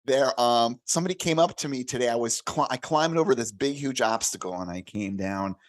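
A man's voice: medium pitch, brisk. A man in his late fifties, a career coach guesting on a podcast, explaining points and telling stories with frequent "right?" checks. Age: late 50s. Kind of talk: casual conversational interview.

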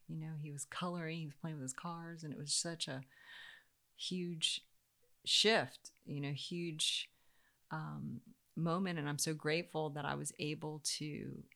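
A woman in her thirties tells a personal story, her voice sitting a little low. She talks casually and with animation, acting out the people she quotes and laughing along the way. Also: creaky, fairly bright tone. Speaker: parent telling a personal story.

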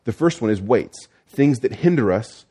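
A man's voice: medium pitch, expressive, normal speed, warm tone, breathy edge. A man preaching a sermon as pastor, explaining the text step by step with frequent restarts and fillers.

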